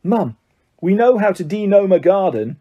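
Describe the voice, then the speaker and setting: A man's voice: sits high, very animated, normal speed, dull audio, pitched above the performer's own voice. A man reading aloud, voicing a teenage boy wizard trying to placate his mother in a jaunty way. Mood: placating.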